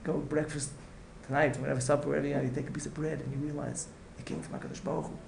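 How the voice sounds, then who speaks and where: A man's voice: mid-range voice, level tone, racing, vocal fry, background noise. A man giving an earnest Torah lecture as a rabbi, repeating himself and restarting phrases. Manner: earnest, repetitive, restarts phrases, mixes in Hebrew and Yiddish words. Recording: echoey room with faint ambience.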